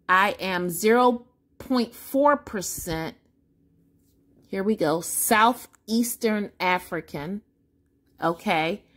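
Chatty woman reading results aloud. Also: mid-range voice. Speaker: vlogger. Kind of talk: casual chat to camera.

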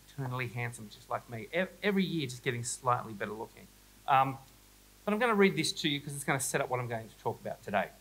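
Bright-toned Australian man giving a playful keynote. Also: mid-range voice, breathy edge, rough recording. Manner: playful, self-mocking, chatty with the audience. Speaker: keynote speaker at an educators conference. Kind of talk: humorous conference keynote. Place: school hall, live audience.

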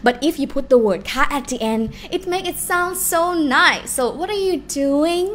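A woman's voice: high-pitched, expressive, fairly bright tone, a little hiss or hum. Woman teaching with a Thai accent. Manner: explains slowly, repeats words with shifting tones. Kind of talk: live-streamed language lesson. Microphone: laptop or phone mic on a live stream.

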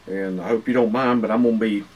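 A lowish-voiced man talks through his everyday survival gear in a relaxed vlog, pausing often and chewing between phrases. He sounds set back from the microphone, with a faint hiss of background noise. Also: recorded from a distance, lo-fi sound. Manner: unhurried, practical, with frequent uh fillers and pauses. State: talking while chewing food. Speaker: survival channel host. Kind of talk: casual explanatory vlog talk.

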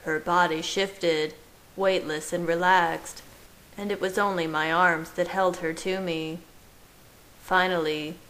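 Slow, low-voiced woman reading a story. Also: poor audio. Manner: slow, gentle, measured reading. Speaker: fan fiction reader. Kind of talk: storybook narration read aloud.

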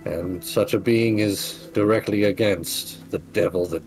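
A grieving priest speaks in grave, old-fashioned phrases, voiced by a man. His voice sits a little low and carries slowly. Faint music plays underneath. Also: steady tone, darkish tone, rough recording. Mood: solemn. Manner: formal, archaic, solemn. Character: grieving priest, solemn and formal.

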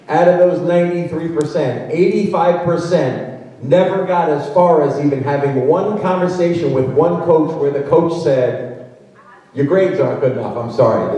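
A man speaking to parents in a big school auditorium, his voice mellow and a bit high. He talks in a chatty, conversational way, acting out what students and coaches might say. The sound is distant and very echoey, with a long hall reverb. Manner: conversational, acts out hypothetical quotes. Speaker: college recruiting speaker. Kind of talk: workshop presentation. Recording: roomy hall, distant mic.

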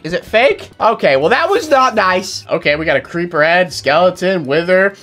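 A young man giving excited gameplay commentary as a YouTuber, exclaiming and laughing at surprises. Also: high-pitched, normal speed, hardly any pauses, soft background music. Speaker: gaming YouTuber.

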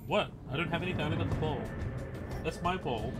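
A man's voice: fairly high pitch, fast. A man giving casual, teasing gameplay commentary while joking with his family. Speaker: gaming video creator. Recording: game music behind the voice.

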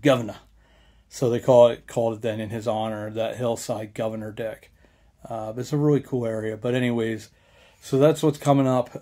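Rambling young man, mellow voice. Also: medium pitch. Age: young adult. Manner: rambling, meandering, with many fillers and restarts. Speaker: local history vlogger. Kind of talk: rambling casual vlog.

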